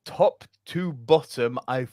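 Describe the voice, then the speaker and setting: A man co-hosting a movie podcast, talking in an excited, animated way and swearing often. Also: medium pitch, slow pace, no echo, studio quality. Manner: animated, swears a lot, acts out film quotes. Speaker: podcast co-host. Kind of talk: excited casual chat.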